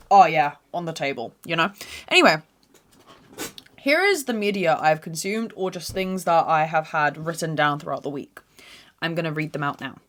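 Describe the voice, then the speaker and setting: A young woman hosting a podcast, ranting casually and profanely, rambling from loud outbursts to low mutters. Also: slight background noise. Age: young adult. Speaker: podcast host. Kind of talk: casual rant monologue.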